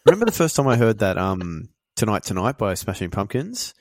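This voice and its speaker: A man's voice: on the low side, a little fast, no room sound, clean studio sound. An Australian man co-hosting a podcast, telling stories in casual chat and laughing often. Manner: animated storyteller, laughs often. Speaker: podcast co-host.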